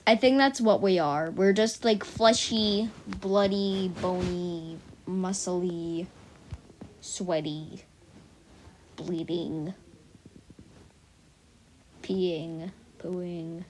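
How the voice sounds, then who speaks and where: A woman's voice: fairly low pitch, fairly even intonation, very slow, long pauses, darkish tone, slight background noise. A teenage girl rambling casually to her viewers in a silly, chatty vlog, full of "like" and tangents. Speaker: vlogger.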